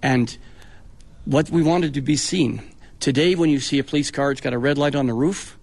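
A man's voice: medium pitch, moderate pace, a little mellow, no echo. An older man, a retired police officer being interviewed on radio, telling stories with dry, self-mocking humor.

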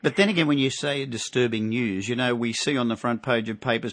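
Australian male radio finance regular, rambling delivery, mid-pitched, dry studio sound. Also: brisk, few pauses, no room sound. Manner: rambling, many fillers and asides. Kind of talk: casual radio finance segment.

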